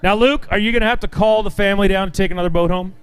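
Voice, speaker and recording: A man's voice: high voice, rapid-fire, smooth. A man emceeing a fishing tournament weigh-in, announcing weights in an upbeat way and joking with the anglers.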